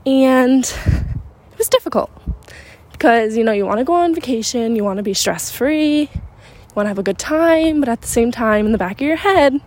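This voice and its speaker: A young woman hosting a podcast, chatting excitedly while out on a walk, a little out of breath. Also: a little high, normal speed. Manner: bubbly, rambling, excitable. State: slightly out of breath. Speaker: podcast host. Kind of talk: casual chat. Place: outdoors on a walk in a neighborhood, windy.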